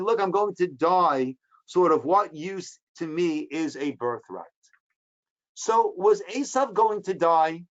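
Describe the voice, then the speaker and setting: A man's voice: high voice, lo-fi sound. A man, a rabbi, teaching a Torah class, explaining the text line by line, asking questions and answering them, and acting out the speakers in short quoted bits. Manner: acts out the speakers with quick dramatic quotes.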